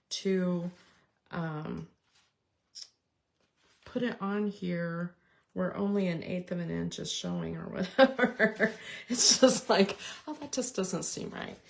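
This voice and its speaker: A woman's voice: mid-range voice, creaky, slight background noise. A middle-aged woman hosting a casual card-making tutorial, chatting and explaining step by step as she works with her hands.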